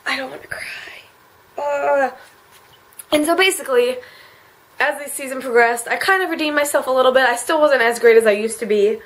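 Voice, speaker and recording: Teen girl vlogging, kinda high voice, rambly, on the verge of crying. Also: fast talker. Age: late teens. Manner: rambling, emotional, many "like" fillers. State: close to tears. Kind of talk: confessional vlog.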